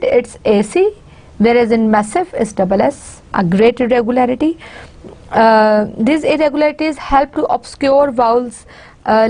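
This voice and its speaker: A woman lecturer with a Pakistani English accent, a native Urdu speaker, explaining at a steady pace with frequent fillers and restarts. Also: on the high side. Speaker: university lecturer. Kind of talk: recorded online lecture.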